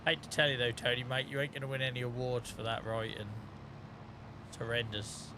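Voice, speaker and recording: A man's voice: medium pitch, steady tone, brisk, noisy background. A man giving casual, joking commentary while streaming a farming game, rambling and laughing often.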